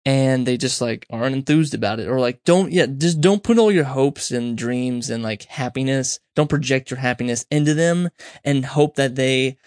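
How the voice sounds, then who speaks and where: A man's voice: medium pitch, normal speed, darkish tone, dry recording, studio quality. A young man hosting a podcast, giving casual advice in a rambling, self-correcting way and acting out little quoted exchanges. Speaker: podcast host. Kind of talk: casual solo advice talk.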